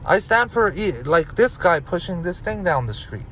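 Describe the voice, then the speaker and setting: A man's voice: high voice, very animated, moderate pace, a bit bright, slight background noise, low-quality recording. A man in his thirties from Los Angeles, ranting casually and profanely to camera, rambling and repeating himself for emphasis. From Los Angeles, United States. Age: 30s. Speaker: vlogger.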